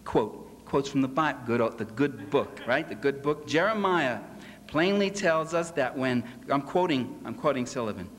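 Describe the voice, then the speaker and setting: A man's voice: mid-range voice, lively intonation, normal speed, fairly bright tone. A man giving a sarcastic, mocking public lecture to a convention audience in a hall. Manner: sarcastic, mocking delivery with acted quotes. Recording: echoey hall with faint ambience.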